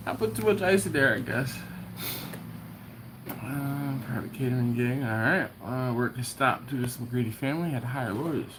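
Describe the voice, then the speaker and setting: A man's voice: mid-range voice, expressive, normal speed, pauses often, fairly bright tone, slight background noise. A man hosting a casual live stream from home, greeting viewers by name and chuckling as he reads their comments. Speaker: barbecue livestream host.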